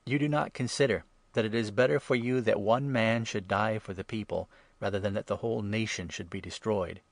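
A man voicing Caiaphas, a stern high priest, speaking forcefully and scornfully. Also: fairly even intonation, brisk, creaky, no echo.

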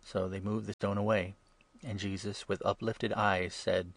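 A man reading scripture aloud in a steady, even narration. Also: on the low side, unhurried, dry recording. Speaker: reader.

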